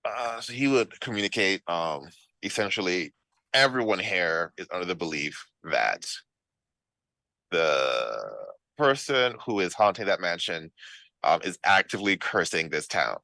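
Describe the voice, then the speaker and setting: A man narrating as game master for a tabletop role-playing game, talking in a relaxed, conversational way with frequent fillers. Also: low voice, a little slow, no room sound.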